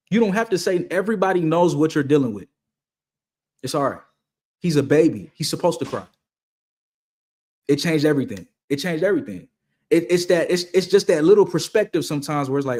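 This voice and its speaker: A man's voice: on the high side, expressive, brisk, long pauses, a little mellow. A young man hosting a Q&A, talking casually and giving motivational advice, repeating his key points and using slang. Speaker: host answering viewer questions.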